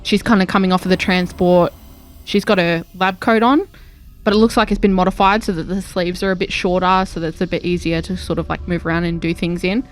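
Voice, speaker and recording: Casting note: lower-pitched female player, casual descriptive delivery. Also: fairly even intonation, brisk, soft background music. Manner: thoughtful, describes her character in detail. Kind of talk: casual tabletop play.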